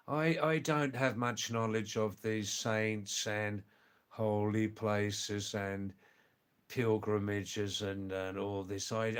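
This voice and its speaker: Hosting a live stream, a man answers viewer comments slowly and hesitantly, often repeating phrases. His accent falls somewhere between British and Australian English, and his voice is fairly low, a bit bright, and clean.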